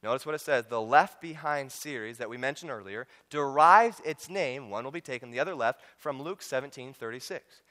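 A man's voice: medium pitch, fairly quick, hardly any pauses, bright, forceful tone. A man preaching a sermon through a Bible study guide, emphatic, repeating words and calling out to his congregation. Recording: long reverb of a large hall.

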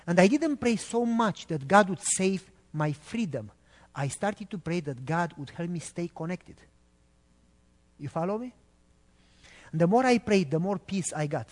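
High-voiced man telling a testimony. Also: normal speed, in a large hall. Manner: animated, acts out quotes, addresses listeners. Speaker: preacher giving a testimony. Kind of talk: sermon storytelling.

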